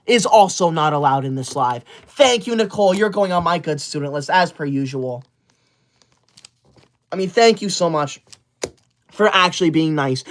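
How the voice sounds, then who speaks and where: A livestreamer reading viewer super chats in an over-the-top teacher's-pet persona, bossy and indignant, quick to scold viewers and kick them out. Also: medium pitch. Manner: prim, rule-enforcing and self-important.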